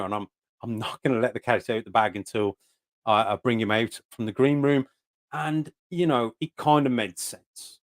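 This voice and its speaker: A British man hosting a casual live stream, greeting viewers by name in a chatty, rambling way with many fillers. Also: medium pitch. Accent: British English. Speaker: host of a live stream for snake breeders.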